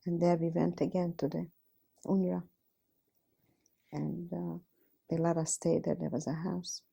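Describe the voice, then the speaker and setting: A woman's voice: fairly low pitch, little pitch movement, measured pace, gravelly, warm tone, husky. A woman in her fifties from Hungary, telling her life story in a plain, direct way and often repeating "I says". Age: 50s. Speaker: Holocaust survivor giving testimony. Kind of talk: recounting personal testimony.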